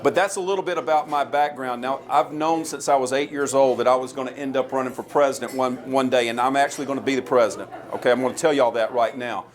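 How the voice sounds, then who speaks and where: A man's voice: mid-range voice, fairly even intonation, quick pace, hardly any pauses. A man in his forties with a Southern American accent, giving an earnest, folksy campaign speech as a presidential candidate. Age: 40s. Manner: folksy, earnest storytelling with a crowd-rousing push.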